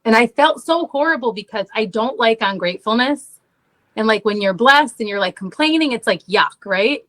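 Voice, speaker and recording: A woman's voice: fairly high pitch, lively intonation, moderate pace, fairly bright tone, low-quality recording. A woman in her thirties, a podcast guest, telling a story in casual conversation, saying "like" often and laughing at herself.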